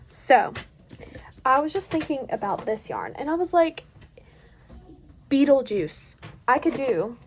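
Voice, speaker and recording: An eighteen-year-old woman with a light Southern US country accent rambles and jokes at her own expense in a casual late-night crochet vlog from home. Her voice is fairly high, with a little hiss or hum in the audio.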